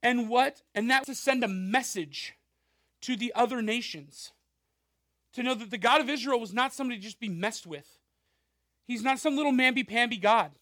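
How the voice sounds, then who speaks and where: A male pastor with a strikingly high voice preaches in a loose, conversational way. He checks in with the crowd through quick rhetorical asides, and the sound is close and dry. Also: dry recording. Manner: animated, with frequent asides and rhetorical questions. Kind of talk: conversational sermon.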